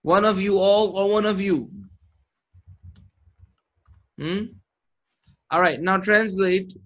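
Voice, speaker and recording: Guy teaching arabic grammar, kinda high voice, patient, repeats words, dull muffled audio. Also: slow, pauses often. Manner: patient, encouraging, drills terms aloud. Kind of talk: live online lesson.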